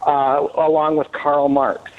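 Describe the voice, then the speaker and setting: A man who is a guest author on a radio interview, speaking slowly and deliberately. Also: a little high, flat delivery. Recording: phone line.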